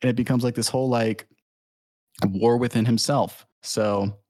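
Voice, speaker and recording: A man's voice: mid-range voice, normal speed, no echo. Chatty man with a dry close sound. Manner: rambling, profane, animated retelling. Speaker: podcast guest. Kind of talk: casual podcast chat.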